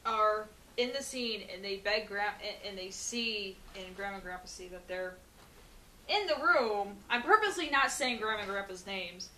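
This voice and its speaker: A woman's voice: mid-range voice, animated, moderate pace, sharp tone. A woman co-hosting a film review chat, recapping the plot with chatty asides. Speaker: film review podcast co-host. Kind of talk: casual chat. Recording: echoey room, distant mic, faint hiss.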